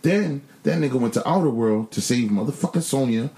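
A man's voice: mid-range voice, lively intonation, a little fast, vocal fry, mellow, roomy sound, poor audio. A man co-hosting a casual chat, ranting bluntly and profanely with a joking edge. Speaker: podcast co-host.

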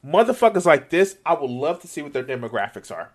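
A man's voice: medium pitch, very animated, a little fast, hardly any pauses. A man doing profane reaction commentary on a video, exasperated and sarcastic, swearing often.

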